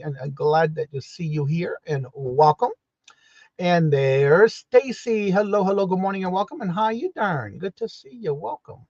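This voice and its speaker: A man's voice: high-pitched, a little mellow, no echo. Man, live-stream host, upbeat repetitive greetings, dull dry lo-fi sound. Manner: greets chat viewers one by one, repetitive and upbeat.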